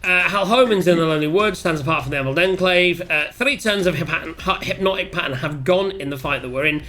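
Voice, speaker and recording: Excitable high bright-voiced man. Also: fast talker. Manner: excitable, swears freely. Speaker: tabletop player. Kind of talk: casual chat wrapping up a game session. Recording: faint music behind.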